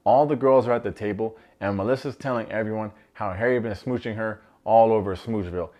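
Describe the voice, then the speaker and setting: A man recapping a reality show in a comedic commentary style, animated and slangy with joking asides. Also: on the low side, brisk.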